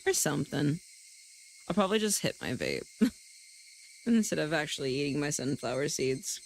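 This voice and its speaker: Woman, streamer, casual live chat, self-deprecating, swearing, gravelly, animated pitch. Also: normal speed, a little hiss or hum, rough recording. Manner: chats directly to her viewers.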